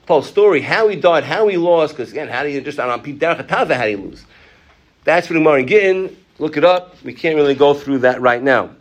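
A man teaching a Torah class, reading out Hebrew and Aramaic sources, restarting phrases and asking the class animated questions. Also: fairly high pitch, fast. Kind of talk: Talmud class lecture.

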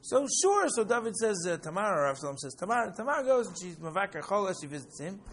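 A man teaching a class, lecturing in an animated way and often checking in with "right?" while acting out examples. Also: sits high, quick pace. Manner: animated, keeps asking "right?"; acts out examples with rising excitement.

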